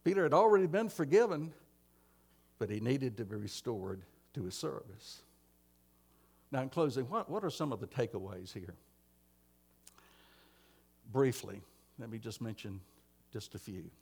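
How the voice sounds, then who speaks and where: A man preaching a sermon in a church, swinging between emphatic lines and hushed ones. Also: mid-range voice, expressive, measured pace, gravelly, pauses often, breathy edge.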